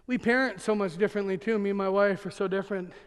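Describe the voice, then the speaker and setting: Animated pastor man in a reverberant hall. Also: high-pitched, fast, clean tone. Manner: animated, acts out quotes, laughs often. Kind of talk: humorous sermon storytelling. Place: church sanctuary.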